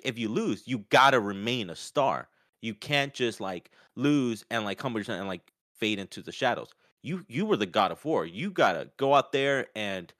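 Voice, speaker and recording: A man talking casually about a fight, often acting out what others said in a raised, lively voice. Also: lowish voice, dry recording, clean studio sound. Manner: animated, acts out quotes in raised voice. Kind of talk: casual sports chat.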